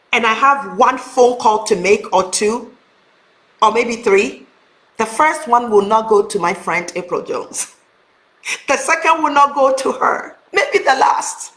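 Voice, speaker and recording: A woman with a fairly high voice giving an earnest, emphatic motivational talk to her viewers. The recording is roomy, with a noticeable echo around her. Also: a bit bright. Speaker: host.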